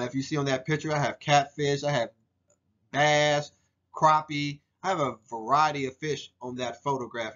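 A man in his forties talks through a slideshow of personal photos for a class. His voice sits a little high for a man, and he speaks earnestly, with plenty of ums and restarts. The recording is dull and lo-fi. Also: fairly bright tone. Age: 40s. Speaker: student presenter. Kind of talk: narrated photo slideshow presentation.

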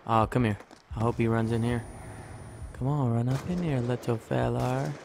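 A man giving excitable gameplay commentary, cursing and talking to himself as he plays. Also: medium pitch, moderate pace, creaky, slight background noise. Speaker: gamer making a trolling video.

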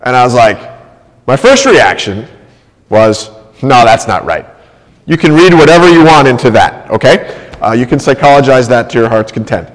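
A man's voice: medium pitch, lively intonation, normal speed. A male pastor preaching a sermon, telling a personal story in a conversational way and often checking in with "right?". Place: church sanctuary. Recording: long church reverb.

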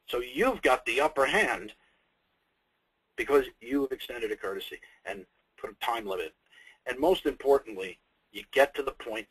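Animated, husky-voiced male sales trainer. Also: medium pitch, dry recording, rough recording. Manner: emphatic, conversational, repeats key points; humorous, off the cuff. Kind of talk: webinar presentation.

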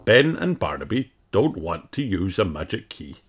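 A man reading a children's storybook aloud in a slow, gentle, sing-song way. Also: low-pitched, big pitch swings. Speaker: storybook reader. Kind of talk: children's read-aloud narration. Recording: loud background noise.

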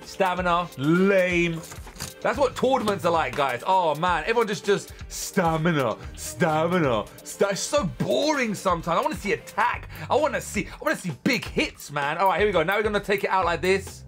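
A young man, chatting casually and exclaiming loudly as he unboxes and tests spinning-top toys. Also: high voice, moderate pace, faint music behind. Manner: excitable, chatty, exclaims loudly at toy battles. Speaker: toy reviewer. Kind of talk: casual unboxing and testing commentary.

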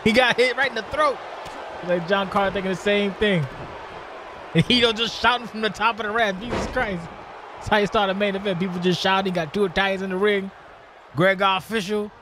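High-voiced sarcastic male color commentator. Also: fairly even intonation, fairly quick, noisy background. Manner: sarcastic, rambling, mocking insults. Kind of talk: joking wrestling game commentary.

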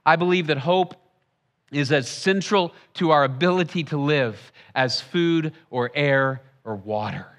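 A man's voice: medium pitch, fairly bright tone. A young man preaching a sermon in church, reading scripture and then talking in an earnest, conversational way that repeats key phrases. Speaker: pastor.

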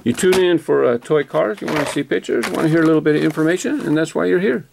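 Man, gravelly, somewhat high voice, chatty unboxing commentary, self-correcting. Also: animated, fast, noisy background. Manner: chatty, self-correcting, enthusiastic about details. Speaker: toy car collector vlogger.

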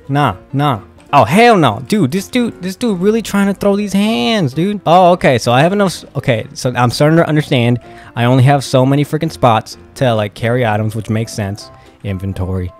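Excitable young man narrating gameplay. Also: medium pitch, normal speed, faint music behind. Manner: excitable, flustered, exclaims and swears at the game. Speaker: gaming video host. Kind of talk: casual game commentary.

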